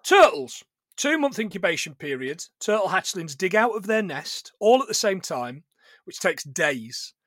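A British man co-hosting a casual film podcast, sweary and animated, often slipping into silly quoted voices. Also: high voice, unhurried, dry recording, studio quality. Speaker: podcast co-host. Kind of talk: casual film commentary chat.

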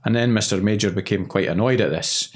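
A man's voice: lowish voice, fast. A man co-hosting a legal podcast in casual chat, with dry, joking asides. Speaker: podcast co-host.

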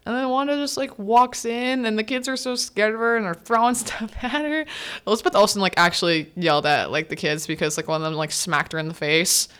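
A woman's voice: mid-range voice, fairly quick, a bit bright, smooth. Chatty young woman recapping a movie. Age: young adult. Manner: chatty, laughing, acts out characters' lines. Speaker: podcast host.

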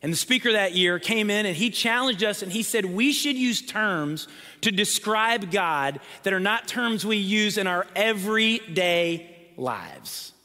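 A man's voice: high-pitched, bright, forceful tone, big-room sound. A man preaching a sermon, emphatic, building lists and repeating words for weight, sometimes dropping almost to a whisper. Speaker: pastor.

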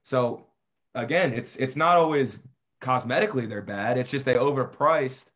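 A real estate agent talking business casually over a video call, with frequent restarts. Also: male voice, mid-range voice, normal speed, a bit bright. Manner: conversational, hesitant restarts.

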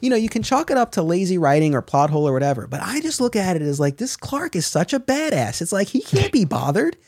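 Enthusiastic guy on a podcast, gets animated retelling scenes, dry close mic. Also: high voice, quick pace, no echo. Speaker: podcast co-host. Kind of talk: casual chat.

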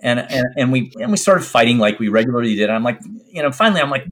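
A middle-aged man, a doctor, telling a personal story in an interview in an earnest, reflective, halting way. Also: medium pitch, animated, fairly bright tone. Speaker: infectious disease doctor.

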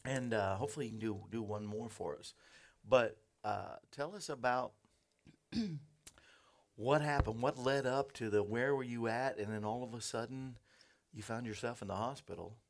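A man's voice: mid-range voice, moderate pace, vocal fry. A man hosting a talk show, chatting casually and prompting his guest with short affirmations. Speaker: host. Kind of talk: casual interview chat. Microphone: studio microphone.

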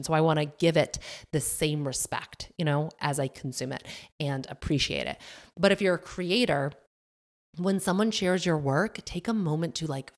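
A young adult woman hosting her own podcast, talking casually and animatedly, with lots of "like" and "you know". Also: sits low. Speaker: podcast host. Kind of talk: casual solo podcast monologue.

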